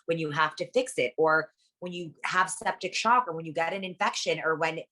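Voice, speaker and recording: Fast-talking, blunt low-voiced woman. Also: bright, forceful tone. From Guatemala. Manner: blunt, profane, rapid-fire and emphatic. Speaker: interview guest, plastic surgery practice worker. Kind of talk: casual interview chat.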